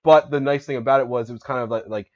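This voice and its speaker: A man co-hosting a casual gaming news chat, telling stories quickly and acting out quotes. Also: mid-range voice, lo-fi sound. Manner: rapid, animated storytelling with acted-out quotes. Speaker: co-host.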